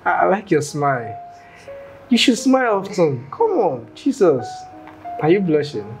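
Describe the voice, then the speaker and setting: Guy doing a flirty dude, coaxing, stumbling over words, guitar music loud behind. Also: fairly high pitch, big pitch swings, measured pace, poor audio. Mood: flirting. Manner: smooth, coaxing, hesitant.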